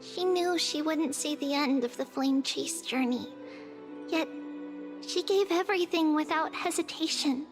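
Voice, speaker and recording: A woman voicing a tender, caring young female demigod in a story game, speaking softly. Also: high voice, a little slow, over music. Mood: mournful. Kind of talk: game voice acting.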